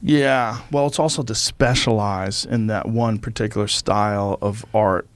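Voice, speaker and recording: A man's voice: lowish voice, a little slow, smooth, no room sound. A man hosting a podcast in casual chat, swearing freely and acting out voices when telling stories. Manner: profane, animated, acts out voices in stories. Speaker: podcast host. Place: podcast studio.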